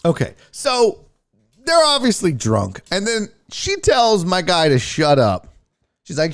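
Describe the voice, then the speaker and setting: Animated, profane sports host. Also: male voice, high voice, moderate pace. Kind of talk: casual video breakdown commentary.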